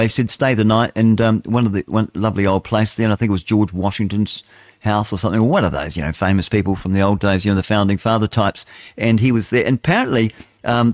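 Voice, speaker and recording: A man's voice: fairly low pitch, fairly even intonation, fast, no room sound, studio quality. A middle-aged man with a New Zealand accent, hosting an opinionated talk radio show in a rambling, conversational way full of asides. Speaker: radio host.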